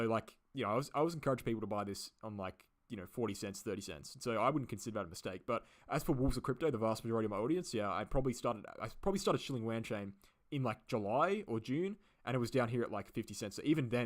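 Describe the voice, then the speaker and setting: A man's voice: fairly low pitch, expressive, racing. An Australian man hosting a live stream, answering viewer questions in a rambling way, full of fillers and repeated phrases. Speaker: crypto channel host.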